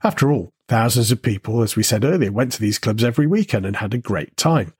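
Very husky-voiced male narrator. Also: mid-range voice, expressive, a little mellow. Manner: measured, storytelling delivery with rhetorical questions. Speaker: host and narrator. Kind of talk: scripted narration.

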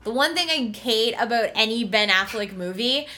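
Bright, blunt woman ranting casually. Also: fairly high pitch, animated, moderate pace. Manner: rambling, blunt and sarcastic, laughs often. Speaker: podcast co-host reviewing a film. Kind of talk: casual chat.

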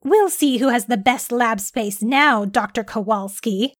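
A woman's voice: a little high, a little slow, no echo, studio quality, natural voice. A woman voicing a boastful, sarcastic female biologist who scoffs at her rival.

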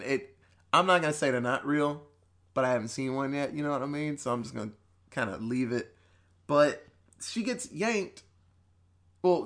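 A man's voice: medium pitch, fairly bright tone. A man on a podcast casually retelling a horror movie plot, rambling and swearing, quoting the characters as he goes and laughing between points. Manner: profane, rambling storytelling with quoted voices. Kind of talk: casual movie recap chat.

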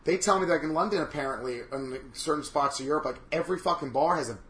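Man, campy, profane, animated storyteller, quick talker, slightly high voice. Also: echoey room. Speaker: podcast co-host. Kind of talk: casual chat.

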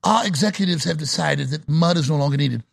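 A blustering Cajun oil executive drawls out his excuses, as a man puts him on. The voice is gravelly and raspy and sits high. He sounds full of himself, a middle-aged man who never admits fault. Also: expressive, brisk, heavily acted. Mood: defiant.

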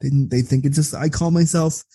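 A man talking as an interview guest, blunt and profane, telling stories in a candid, animated way. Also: a little high, normal speed, breathy edge, no room sound. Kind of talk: candid conversational storytelling.

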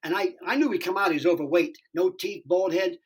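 A middle-aged man from Youngstown, Ohio, telling stories in an interview, profane, rambling and excitable. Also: high-pitched, brisk, breathy edge. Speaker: actor being interviewed. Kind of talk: casual storytelling interview.

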